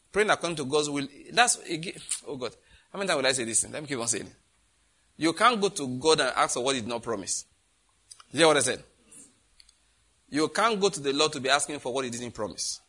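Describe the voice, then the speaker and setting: A man's voice: medium pitch, sharp tone, breathy edge. A man preaching a sermon, reading scripture aloud and asking the congregation questions.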